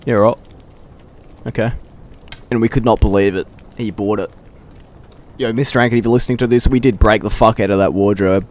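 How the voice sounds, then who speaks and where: Profane young man telling stories. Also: fairly low pitch. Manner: profane, laughing, animated quoting of friends. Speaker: storyteller. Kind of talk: casual anecdote telling.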